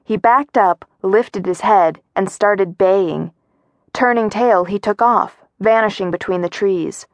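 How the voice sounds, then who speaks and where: A woman narrating a story in the first person as an audiobook reader, with a steady storytelling manner that lifts for dialogue. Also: mid-range voice, slow pace, dry recording.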